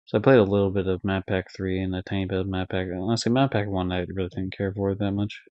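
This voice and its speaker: A man's voice: deep voice, flat delivery, fast talker, dry recording. Young male streamer, loose and rambling with fillers and swearing, lo-fi dull recording. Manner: rambling, swearing, lots of fillers and self-corrections. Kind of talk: casual live-stream game review. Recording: dull lo-fi dry stream audio.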